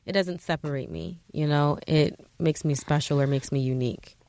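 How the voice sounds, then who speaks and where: A woman's voice: deep voice, moderate pace, a little mellow, no echo. A woman in her twenties, a podcast guest, blunt, confident and joking. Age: 20s. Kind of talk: candid podcast chat.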